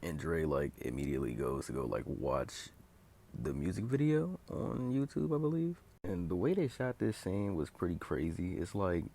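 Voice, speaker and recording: A man's voice: sits low, expressive, moderate pace, creaky, warm tone, husky. A young man casually recapping a TV episode and quoting the characters in his own voice. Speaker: video recapper.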